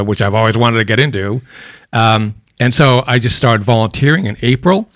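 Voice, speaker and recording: Casting: low-voiced American man, fifties, softened Boston accent, anecdotal radio guest, dry studio sound. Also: moderate pace, dry recording. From Boston, United States. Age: 50s. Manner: chatty anecdotal storyteller, dry jokes. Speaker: radio guest, volunteer coordinator. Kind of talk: casual radio interview.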